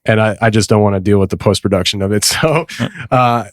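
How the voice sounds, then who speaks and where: A man's voice: lowish voice, fairly quick, dry recording. Chatty guy hosting a podcast, loose and rambly, dry close mic. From East Tennessee. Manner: rambling, self-mocking, laughs often. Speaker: podcast host. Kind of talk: casual studio chat. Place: podcast studio.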